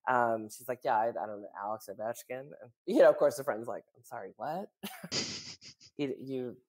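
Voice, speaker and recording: Woman podcast co-host, very deep voice, chatty storyteller, laughs often. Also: normal speed, darkish tone. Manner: chatty, full of "like" and "you know", laughs often. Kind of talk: casual storytelling chat.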